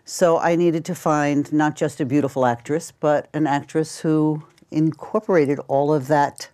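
An older woman who works as a casting director chats through anecdotes during an interview, acting out snippets of dialogue. Her voice is low-pitched with a darkish tone.

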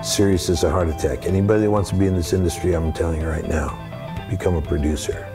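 A man's voice: low voice, fairly even intonation, quick pace, music in the background. A man speaking to a room of students as a guest actor, talking candidly and earnestly about his work. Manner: earnest, mixes in laughs and acted-out quotes. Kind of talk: candid talk to an audience. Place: room with a live audience.

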